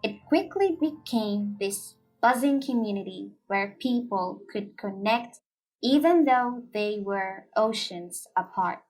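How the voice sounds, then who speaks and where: A young woman reading a personal story aloud in an earnest, measured way. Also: medium pitch, lively intonation, darkish tone, faint music behind. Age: young adult. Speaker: story reader. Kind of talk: scripted narration.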